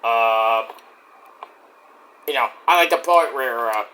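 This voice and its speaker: A man giving a casual solo review of a wrestling show, excitable and profane, breaking into rants. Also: medium pitch, slow.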